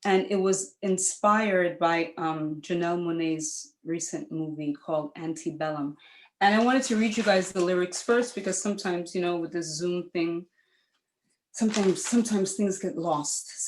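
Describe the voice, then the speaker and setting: Lively, quick-talking woman guest on a video call, slightly low voice. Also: reverberant, a little hiss or hum, low-quality recording. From Dominica. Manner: lively, quick, laughs easily. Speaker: guest singer and poet. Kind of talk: casual video call chat.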